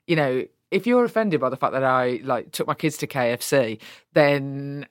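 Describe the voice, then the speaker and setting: A woman with a Birmingham English accent talks candidly in an interview. She is blunt and animated and swears freely. The sound is dry and close. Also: a bass voice, moderate pace, smooth, no echo. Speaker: politician guest.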